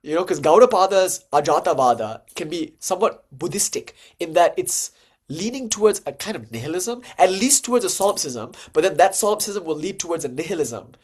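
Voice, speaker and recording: A man's voice: high-pitched, brisk. Chatty man giving a spiritual lecture. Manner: conversational, with frequent "like" and "you know" fillers; animated, jumps to lively acted-out dialogue. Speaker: lecturer on Hindu tantra and philosophy.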